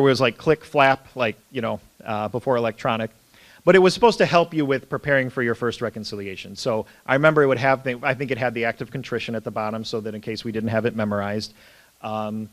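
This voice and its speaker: A middle-aged man, a priest, telling humorous self-deprecating childhood stories in an easygoing talk full of fillers. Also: mid-range voice. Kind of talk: storytelling talk.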